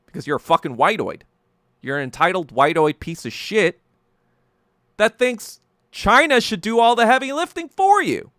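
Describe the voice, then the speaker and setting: Male podcast host, angry profane rant, stammering restarts, crisp smooth voice, animated pitch. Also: no echo, studio quality. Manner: heated, profane ranting; repeats and restarts words when agitated. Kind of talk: solo podcast monologue.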